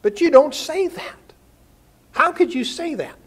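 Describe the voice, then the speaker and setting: A man's voice: very high-pitched, expressive, a little slow. An older man preaching a sermon, folksy and full of rhetorical questions and homespun stories. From United States. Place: church sanctuary.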